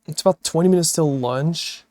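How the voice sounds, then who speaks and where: A man's voice: a little high, moderate pace, a little mellow, no room sound. A man streaming late at night, drowsy and laid-back, chatting casually with viewers, swearing and laughing often, into a desktop mic. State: sleepy. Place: home streaming setup, seated. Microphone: desktop microphone through a mixer.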